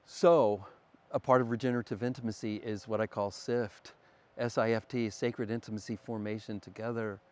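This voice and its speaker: A middle-aged man talking fast in an animated, profane conversation as a podcast guest. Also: on the low side. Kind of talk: casual conversation.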